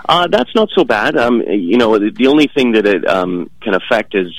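A man's voice: on the low side, very animated, moderate pace, no room sound, poor audio. A man being interviewed about his stage work, speaking casually with many fillers and restarts.

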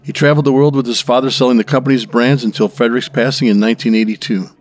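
A man co-hosting a drinks show, reading out a brand's history in a steady manner. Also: mid-range voice, racing. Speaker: co-host presenting background. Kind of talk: read-aloud background segment.

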